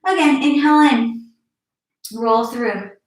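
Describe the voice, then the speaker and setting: In an echoey room with the mic set far away, a young fitness instructor runs a live-streamed yoga class. She speaks slowly in a high voice, encouraging her students and cueing moves as she exercises, slightly out of breath.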